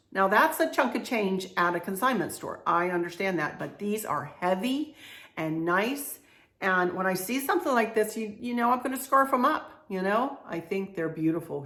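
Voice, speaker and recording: A middle-aged woman shows off a home decor haul in a casual show-and-tell video, chatty and confiding and laughing often. Her mid-range voice is pushed and bright, with lively intonation and normal speed.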